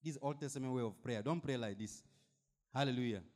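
A man's voice: mid-range voice, fast, a little mellow. A male pastor preaching a sermon, reading scripture and pressing the point with emphatic rhetorical questions and frequent hallelujahs.

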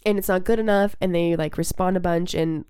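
A woman's voice: fairly low pitch, fairly even intonation, fairly quick, darkish tone, smooth, no room sound, studio quality. A young woman co-hosting a casual podcast, talking candidly, swearing freely and full of fillers and restarts. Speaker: podcast co-host.

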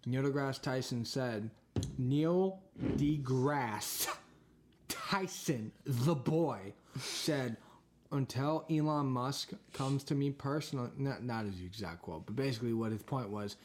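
A man's voice: mid-range voice, normal speed, slight background noise. A man in casual podcast chat who rambles, swears and trips over his words while telling a story. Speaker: podcast co-host.

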